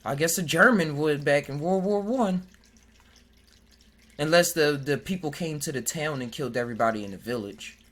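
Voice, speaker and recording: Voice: medium pitch, moderate pace, a bit bright. A podcast host in casual chat who jokes, laughs often, and stumbles over hard words while reading aloud from web pages.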